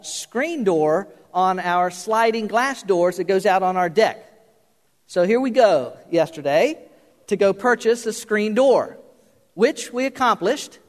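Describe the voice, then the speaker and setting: Older man preaching in a reverberant hall. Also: high voice. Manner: folksy, joking, with many fillers and restarts. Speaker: pastor. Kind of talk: sermon.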